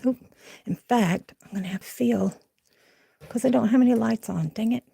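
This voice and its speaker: A woman's voice: on the high side, normal speed, gravelly, warm tone, husky, dry recording. A woman in her forties with a Southern accent, hosting a casual late-night crafting livestream from her home. She chats and rambles as she walks through the house, laughing often and talking to her viewers. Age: 40s. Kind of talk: casual live-stream chat. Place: her home, moving from room to room.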